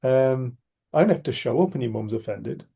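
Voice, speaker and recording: A man's voice: medium pitch, animated, normal speed, vocal fry, mellow, husky. A middle-aged man with a Northern English, Cumbrian accent, leading a casual group discussion over a video call, chatty and teasing, with the odd swear word. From Cumbria, Northern England. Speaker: group facilitator.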